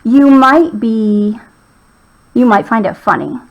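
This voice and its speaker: Woman teacher, slow and patient with young kids, a bit of fry in her voice. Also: fairly high pitch, dull audio. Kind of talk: classroom writing lesson.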